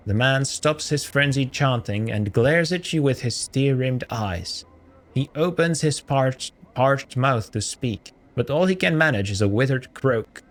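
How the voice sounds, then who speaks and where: A man hosting a let's play of a role-playing game, reading the game's text and thinking out loud in a casual, jokey way, often stopping to correct himself. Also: medium pitch. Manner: musing aloud, jokey and self-correcting. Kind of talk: casual gameplay commentary.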